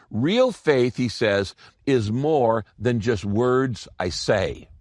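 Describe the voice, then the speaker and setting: A man's voice: medium pitch, no echo, studio quality. A man preaching a sermon as pastor, emphatic, repeating key phrases for his congregation.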